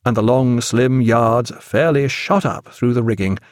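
Here a male audiobook narrator reads scripted text from a novel, measured and expressive throughout. His pitch is medium, and the recording is dry and studio quality.

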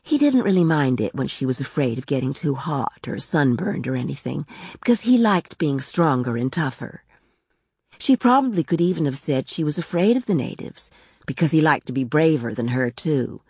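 Female story reader: low, husky, calm, dry close sound. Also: moderate pace, no room sound. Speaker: narrator. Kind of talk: reading a short story aloud.

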